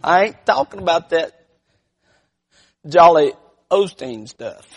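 A preacher with a notably high-pitched voice delivers a sermon. He tells homespun stories, rising to shouted peaks and then dropping to hushed, low lines. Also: sing-song, takes it slowly, husky. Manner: folksy storytelling.

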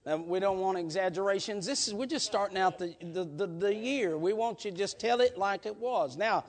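Stern teacher lady talking soft and coaxing, a southern preacher doing her, real high voice. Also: expressive, normal speed. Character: patient, stern woman schoolteacher.

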